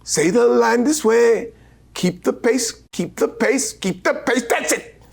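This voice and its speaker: A man putting on a plummy, high-pitched British stage director. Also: measured pace, gravelly, slightly rough, full character voice. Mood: conducting. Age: older. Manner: plummy, commanding, sing-song counting. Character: tall gaunt pompous British theatre director.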